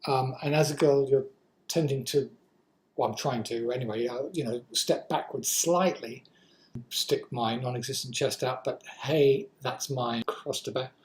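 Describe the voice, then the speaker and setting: A woman's voice: very deep voice, measured pace, darkish tone, rough recording. A woman in her sixties with an English accent, vlogging in a rambling, self-deprecating way and swearing freely. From England. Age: 60s. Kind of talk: casual talk to camera.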